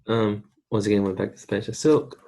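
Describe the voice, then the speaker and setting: A man from the United States teaching a recorded online Spanish lesson, patiently repeating words slowly for students to practice. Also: on the low side, fairly even intonation, creaky, warm tone.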